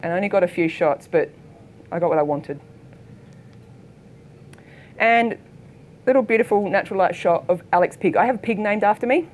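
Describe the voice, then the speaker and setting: A middle-aged Australian woman, a photographer giving a keynote talk, telling anecdotes in a lively way and acting out the voices of people in her stories. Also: medium pitch, moderate pace, pauses often. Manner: lively storytelling, acts out quoted voices. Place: lecture hall.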